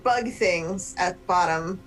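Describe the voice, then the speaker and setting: A woman's voice: on the low side, slow, a bit bright, rough recording. A woman player in a tabletop game, chatting casually and sprinkling her speech with "like". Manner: chatty, with lots of likes.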